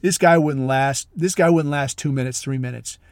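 A special operations veteran hosting a podcast delivers a long, rambling, foul-mouthed story in a blunt, casual style with many fillers. His medium-pitched voice moves at a moderate pace, recorded in a clean studio without room sound.

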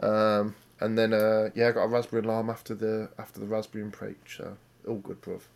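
A man's voice: on the low side, flat delivery, fairly quick, gravelly, a little mellow. A man with a British accent co-hosting a podcast, bantering casually in a teasing, slangy way. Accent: British English. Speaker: podcast co-host.

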